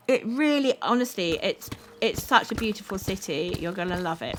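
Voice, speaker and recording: A woman from South London with a South London accent, chatting casually with her viewers while playing a game, upbeat and quick to laugh. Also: mid-range voice, expressive. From South London, England. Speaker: streamer. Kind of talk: casual chat with live chat while gaming. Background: background music.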